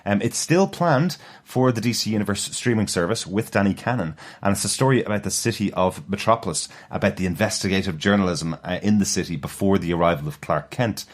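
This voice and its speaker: A man co-hosting a TV review podcast, giving details in a brisk, matter-of-fact way. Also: lowish voice. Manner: brisk, matter-of-fact, many agreeing murmurs. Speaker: podcast co-host. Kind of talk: casual review chat.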